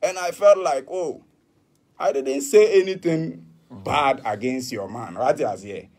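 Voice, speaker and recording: A man's voice: mid-range voice, measured pace, a little mellow. A Ghanaian man answering interview questions, defiant and emphatic, switching between English and Twi. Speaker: musician interviewee.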